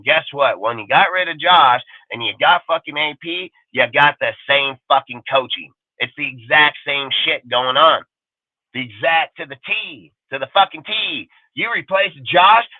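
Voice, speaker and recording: Swearing constantly, a man on a sports talk panel goes on a heated casual rant, emphatically repeating the same points over and over. His voice is on the high side with no echo, carried by tinny phone-line audio.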